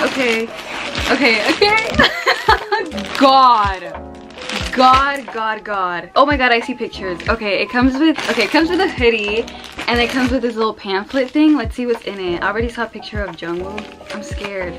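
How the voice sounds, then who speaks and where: A young woman filming an unboxing vlog at home, gushing, squealing and tearful, repeating herself breathlessly. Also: fairly high pitch. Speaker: vlogger. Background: background music.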